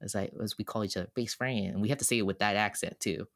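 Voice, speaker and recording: Earnest low-voiced podcast man. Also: level tone, rapid-fire, a bit bright. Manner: earnest and heartfelt, speaks in bursts with restarts. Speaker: podcast co-host. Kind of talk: casual reflective podcast talk.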